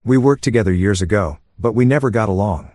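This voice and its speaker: A man narrating a first-person story at a steady, calm pace. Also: fairly low pitch, quick pace, no room sound, clean studio sound.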